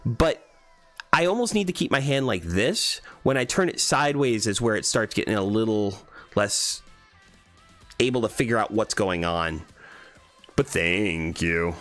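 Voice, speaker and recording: Young guy streaming, chatty and bouncy, laughs a lot, soft music in the back. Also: lowish voice, measured pace. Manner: animated, laughs a lot, reads chat aloud. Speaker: livestreamer reading chat. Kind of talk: casual livestream chat. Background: faint background music.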